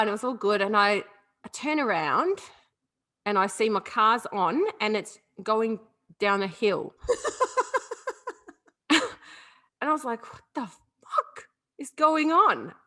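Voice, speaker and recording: A woman co-hosting a podcast, telling funny stories in a lively, laughing way and swearing freely. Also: medium pitch. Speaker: podcast co-host. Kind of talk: casual chat, storytelling.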